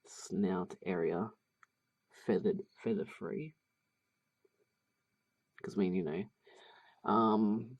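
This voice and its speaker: A man's voice: sits low, vocal fry, a little mellow, slightly rough. A man narrating a drawing tutorial casually, thinking aloud with many fillers and restarts. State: has the hiccups.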